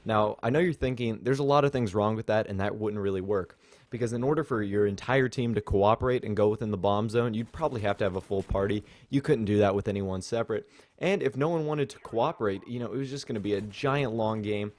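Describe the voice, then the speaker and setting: Casual young man narrating gameplay, lowish voice. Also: quick pace, darkish tone. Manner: casual, rambling, chatty with fillers. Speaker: gaming channel host. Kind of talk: gameplay commentary.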